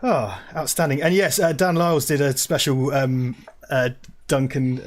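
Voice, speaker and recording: A man's voice: medium pitch, normal speed. A man co-hosting a casual live stream, joking and rambling, often stumbling over restarts, on a lavalier mic. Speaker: co-host of a movie watch-party stream. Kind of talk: casual live-stream chat with mock announcements.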